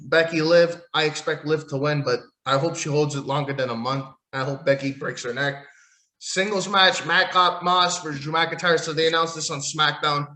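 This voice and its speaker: Man, podcast host, profane, sarcastic, rambling, losing his voice, fairly high voice. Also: sharp tone, reverberant. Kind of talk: solo wrestling podcast rant.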